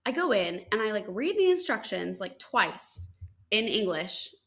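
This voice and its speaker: A young woman from the United States, a podcast host, casually telling a story with lots of "like" and "um" and bright, high-pitched quoted lines. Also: unhurried. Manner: chatty, animated quotes with high-pitched acted lines, frequent likes and ums.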